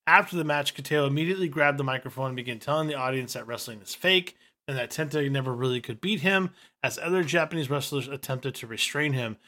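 Bright-voiced man reading wrestling notes. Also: mid-range voice, fast talker, few pauses. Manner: reads history aloud. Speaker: podcast co-host. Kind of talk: casual chat, reading notes.

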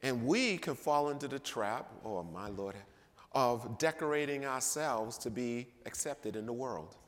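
A man preaching a sermon in a church, emphatic, swinging between loud and quiet delivery. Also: medium pitch, lively intonation, a little slow. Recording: long reverb of a church hall.

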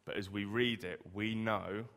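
A man's voice: lowish voice, fairly even intonation, a little slow, fairly bright tone. A man preaching a sermon in a conversational way, often asking the listeners rhetorical questions. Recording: long reverb of a hall.

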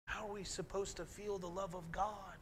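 A pastor preaching a sermon in an earnest, emphatic way, now and then reading scripture aloud with dramatic force. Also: male voice, sits high, fairly even intonation, normal speed, a little hiss or hum.

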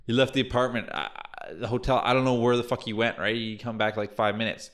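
A man's voice: mid-range voice, quick pace, a bit bright. A young man chatting casually on a podcast, rambling through a crude story with restarts and laughter. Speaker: podcast co-host telling a story. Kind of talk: casual chat.

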